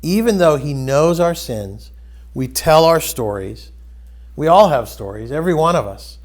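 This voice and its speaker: A man hosting a spiritual discussion, retelling a story in a loose, rambling way and dropping into soft quoted voices. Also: fairly high pitch, lively intonation, unhurried. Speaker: host.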